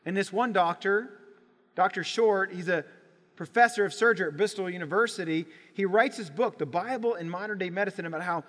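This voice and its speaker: A man preaching a sermon in a church, telling a Bible story with lively acted-out voices. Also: high voice, a little fast. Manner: animated storytelling, acts out voices in quotes. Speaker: pastor. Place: church sanctuary. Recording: church sanctuary with long reverb.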